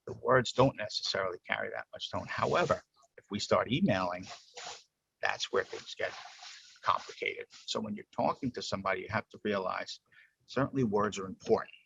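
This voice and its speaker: A man's voice: lowish voice, normal speed, vocal fry, long pauses, fairly bright tone, breathy edge, no echo, muffled recording. A man leading a workplace training workshop over a video call, explaining points casually and checking in with "right?". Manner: talks things through, asks "right?" often.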